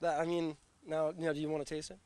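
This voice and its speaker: Halting man demonstrating barbecue. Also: on the high side, little pitch movement, darkish tone, slight background noise. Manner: halting, repeats words, restarts. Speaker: barbecue chef guest. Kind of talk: cooking demonstration chat.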